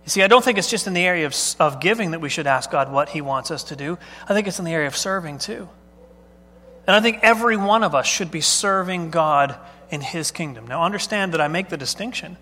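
A man's voice: on the high side, animated, fast talker, bright, forceful tone. A male pastor preaching a sermon in a conversational way, often putting questions to the congregation. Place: church sanctuary. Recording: long hall reverb.

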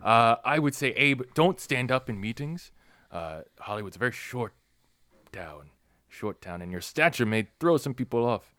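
A man's voice: mid-range voice, animated, normal speed, no echo, clean studio sound. A man doing a rambling old ex-president. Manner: rambling, soft-spoken, trailing off. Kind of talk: comedy improv.

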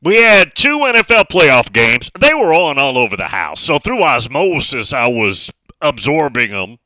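A man's voice: mid-range voice, big pitch swings, a little slow, bright, forceful tone, no room sound, rough recording. A man hosting a casual sports talk radio show from a studio, chatting and reading out listener messages.

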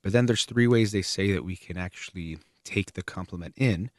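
Low-voiced man explaining calmly. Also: no room sound, studio quality. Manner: calm, measured, explaining step by step with occasional fillers. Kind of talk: explanatory talk on relationships.

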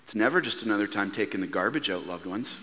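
A man's voice: on the low side, lively intonation, quick pace. Earnest preacher man in a reverberant church. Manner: earnest, pleading, swings from hushed to loud. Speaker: pastor. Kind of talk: sermon. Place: church hall.

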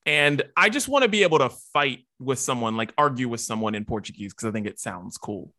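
A man co-hosting a casual podcast chat, talking in an excitable, emphatic way. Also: medium pitch, a little fast, dry recording, studio quality. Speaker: podcast co-host.

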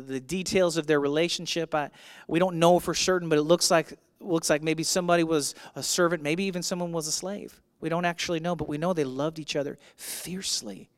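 A male pastor preaching a sermon. He swings between loud, emphatic declarations and hushed, intimate lines, and calls out to his congregation. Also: on the high side, no room sound, clean studio sound. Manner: addresses the congregation directly with call-and-response prompts. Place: church.

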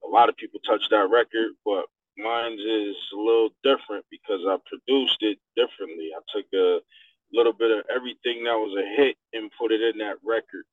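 DJ guest talking on a dry tinny line. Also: male voice, on the low side, brisk, no room sound. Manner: animated storyteller, acts out quotes. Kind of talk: radio interview. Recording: dry tinny phone-like sound.

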